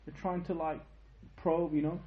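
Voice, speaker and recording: A young man giving an informal religious lecture, telling a story with lively asides and checking questions to his listeners. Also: fairly high pitch, normal speed, roomy sound, highs cut off. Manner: animated storytelling, tag questions, quotes in Arabic. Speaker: teacher of a history lesson.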